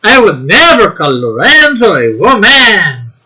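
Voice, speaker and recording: High, bright-voiced man rambling on a stream. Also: wildly swooping pitch, husky, rough recording. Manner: rambling, halting, with frequent fillers and laughs. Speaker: livestream host. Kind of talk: casual livestream chat reading viewer comments.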